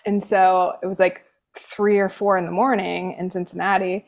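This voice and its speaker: A nurse, appearing as an interview guest, tells a personal story in a casual, chatty way, with dry, sarcastic humor and plenty of fillers like "like." Her voice is gravelly and medium-pitched, delivered flatly at a moderate pace.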